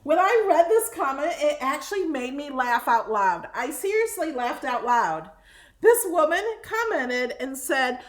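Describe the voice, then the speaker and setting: A woman hosts a live crafting stream, friendly and quick to laugh. Her voice sits high and moves lively. The room adds an echo. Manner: friendly, laughs easily while working. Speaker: host crafter.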